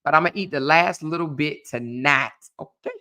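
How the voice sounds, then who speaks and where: A woman's voice: sits low, moderate pace, sharp tone. A woman, chatting casually and laughing with viewers on a livestream. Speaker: livestream host.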